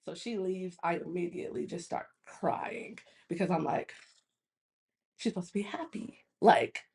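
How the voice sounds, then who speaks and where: A woman in her thirties retells a frustrating day with lots of energy, slipping into other people's voices as she quotes them. Her pitch jumps high on those quotes and drops back to a plain, mid-range speaking voice. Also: gravelly, a little mellow. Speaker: guest in a conversation. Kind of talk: casual storytelling.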